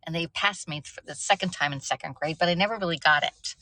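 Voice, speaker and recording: Middle-aged woman hosting a casual live stream, chatty and self-mocking, bright voice, close dry mic. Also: low-pitched, fast talker, no echo, poor audio. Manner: chatty, laughs at herself, stumbles over words. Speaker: livestream host.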